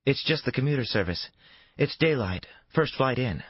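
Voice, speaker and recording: A man voicing a nervous woman on the run who explains things quickly, in an audiobook. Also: medium pitch, expressive, breathy edge, no room sound, lo-fi sound, pitched above the performer's own voice. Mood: explaining.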